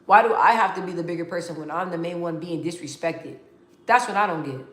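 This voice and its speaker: A young adult vlogger with a voice on the low side speaks a little fast in casual, heartfelt talk. Candid and emotional, she rambles, restarting frequently and repeating words, and the recording has a roomy echo.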